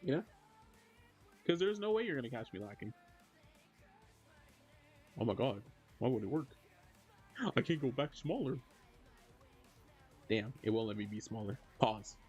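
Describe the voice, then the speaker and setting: Animated joking male streamer. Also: mid-range voice, a little slow, pauses often, slightly rough, faint music behind. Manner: animated, joking, reads chat aloud and answers. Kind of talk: casual live-stream chat.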